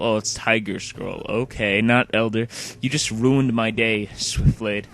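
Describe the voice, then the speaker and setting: A man's voice: on the low side, fairly even intonation, a little slow, creaky, hardly any pauses, fairly bright tone. A man giving casual, rambling gameplay commentary as a let's play host, often dropping "like" as a filler. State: sleepy.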